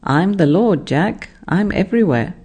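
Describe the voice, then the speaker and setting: A speaker acting out God as a calm, patient voice from above, reassuring and gently teasing a man in a told story. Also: mid-range voice, measured pace, breathy edge, voice pushed up.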